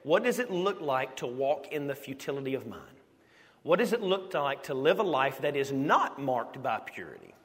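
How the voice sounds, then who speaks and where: A man's voice: mid-range voice, sing-song, normal speed, a bit bright. A man from the United States preaching a sermon, telling a story with animation and asking the congregation questions. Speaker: pastor. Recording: long hall reverb.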